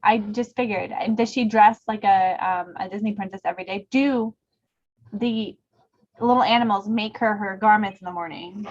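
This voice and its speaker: A woman's voice: medium pitch, fairly even intonation, normal speed. Teasing woman on muffled audio. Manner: teasing, laughs often. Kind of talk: casual chat.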